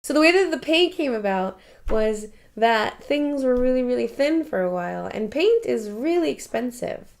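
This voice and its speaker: A woman's voice: a little high, lively intonation, normal speed. A woman painter talking casually in a documentary interview, chatty and emotional, laughing often and swearing now and then. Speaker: painter and architect.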